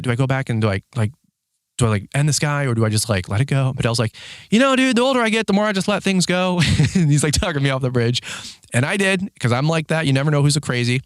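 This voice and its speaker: A man in his thirties who owns a lawn care business, telling a rambling story in a casual vlog, full of "like" and "dude", acting out shouted quotes in a higher voice. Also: dry recording, studio quality. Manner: heavy use of filler words like "like" and "dude".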